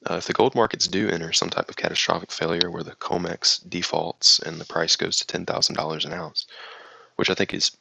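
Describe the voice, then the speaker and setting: Male host with a slight Southern drawl, low and gravelly, reading chat comments and chatting loosely. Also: fairly even intonation, a little fast, bright, forceful tone, dry recording, poor audio. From United States. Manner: rambling, reads viewer comments aloud then reacts. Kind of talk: casual chat.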